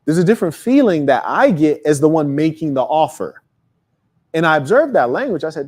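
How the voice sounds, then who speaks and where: Male host, live audience talk, lively swearing storyteller, pitch swings a lot. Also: a little fast. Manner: animated, profane storytelling with acted-out quotes. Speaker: host and speaker.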